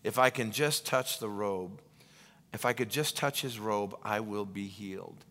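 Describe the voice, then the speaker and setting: Brief: hushed, hopeful sick woman, put on by a preacher, long church echo. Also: lowish voice, unhurried, pitched below the performer's own voice. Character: frightened sick woman hoping to be healed.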